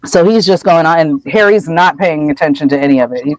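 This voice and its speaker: A woman co-hosting a podcast, casually recapping a story in an animated way and slipping into voices. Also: deep voice, fast talker, no room sound, rough recording. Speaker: podcast co-host.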